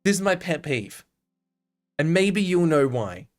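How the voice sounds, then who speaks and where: A man's voice: a little high, sing-song, unhurried, pauses often, faint music behind. An Australian man chatting casually on a live stream, laughing often and answering his chat.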